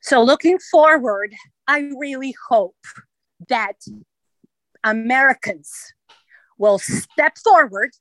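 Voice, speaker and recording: A woman's voice: a little high, fairly bright tone, no echo, poor audio. A woman with a Serbian accent, speaking emphatically and passionately as a guest in a radio interview.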